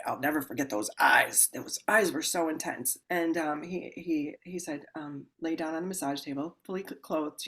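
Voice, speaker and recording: Animated woman telling a vivid story. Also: on the low side. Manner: animated, acts out quoted voices with sudden loud exclamations; calm explaining voice when describing the ritual. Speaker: podcast guest, healer. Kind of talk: casual storytelling interview.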